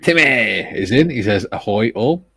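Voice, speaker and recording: A man with a lowish voice hosts a live panel, reading out the chat and greeting viewers one by one with a jokey chuckle. The sound is close and dry. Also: lively intonation, a little slow, vocal fry, pushed and bright, slightly rough, dry recording. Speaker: host. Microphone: video call.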